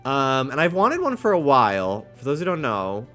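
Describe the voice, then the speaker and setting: Male streamer, casual and jokey, mid-pitched, reads chat aloud, light music in the background. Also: wildly swooping pitch, moderate pace, sharp tone.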